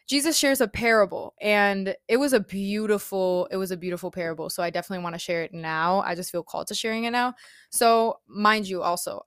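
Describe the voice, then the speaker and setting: A woman's voice: mid-range voice, clean tone, no echo, clean studio sound. A woman giving a casual, chatty spiritual talk, retelling a parable in an informal way. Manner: chatty, informal, frequent "like" and "bro". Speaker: spiritual speaker.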